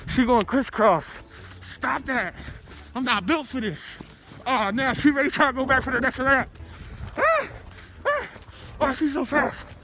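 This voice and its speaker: A man vlogging while jogging outdoors with his dog, out of breath, excitable and full of slang. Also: extremely high pitch, measured pace, pauses often, a little hiss or hum. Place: outdoors on a street. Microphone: handheld camera.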